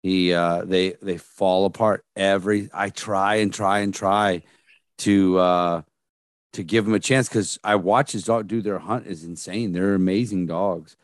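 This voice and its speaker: A low-voiced man in a casual conversation who wanders and stops mid-thought. The recording is dry, with no room sound. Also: fairly even intonation, no room sound. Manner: rambling, halting, many restarts. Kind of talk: casual chat.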